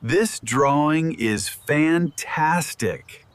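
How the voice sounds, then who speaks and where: Guy doing a cheerful storybook dad, bouncy voice, super slow, music behind. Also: a little high, animated. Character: warm, cheerful father of two kids.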